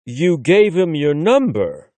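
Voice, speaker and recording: A man's voice: fairly high pitch, very animated, slow, darkish tone, dry recording, heavily acted. A man voicing a blunt, teasing young male friend in an audiobook.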